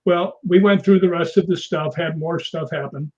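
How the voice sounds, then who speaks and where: A man's voice: fairly high pitch, steady tone, moderate pace, a little mellow. A man in a casual interview, telling rambling stories with many restarts. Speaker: guest, stuntman. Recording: dull lo-fi sound.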